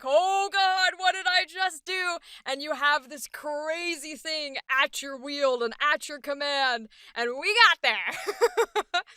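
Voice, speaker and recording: A woman's voice: sits high, sharp tone, no echo, studio quality. A woman voice actor hosting a show, talking through her choices in a chatty, enthusiastic way as she demonstrates character voices. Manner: chatty and enthusiastic, thinking aloud. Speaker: voice actor and host. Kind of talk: voice acting demonstration.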